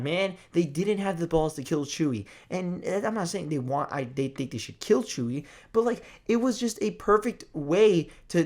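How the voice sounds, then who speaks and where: A young man giving a casual movie review, excited and profane, rambling with lots of restarts. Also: on the high side.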